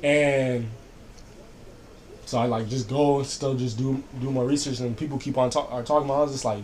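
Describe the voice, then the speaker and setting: A young man chatting casually at an ordinary middle pitch. He rambles, piling on fillers and "I was like" as he tells a story. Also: fairly even intonation, brisk, darkish tone, slight background noise. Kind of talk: casual chat.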